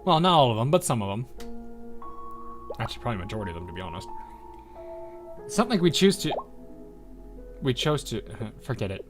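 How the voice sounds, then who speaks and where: A man's voice: mid-range voice, big pitch swings, brisk, long pauses, soft background music. An American man giving casual commentary while playing a game, rambling into asides and laughing often. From United States. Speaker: game streamer.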